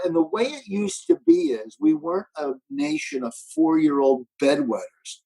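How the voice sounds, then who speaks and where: A comedian guest talking remotely in casual chat, ranting emphatically. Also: male voice, high voice, vocal fry, mellow, poor audio. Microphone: remote call.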